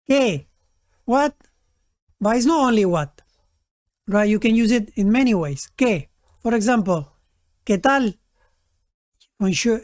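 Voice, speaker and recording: Slow, patient woman language teacher. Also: mid-range voice, darkish tone, no room sound, studio quality. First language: Spanish. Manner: repeats words slowly, often asks "right?". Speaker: Spanish teacher.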